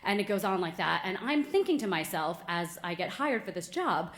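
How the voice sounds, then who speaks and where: A woman's voice: lowish voice, very animated, normal speed, fairly bright tone. Woman in her thirties, American, live storyteller, self-deprecating, roomy stage sound. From United States. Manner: self-deprecating, chatty with fillers. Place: stage before a live audience.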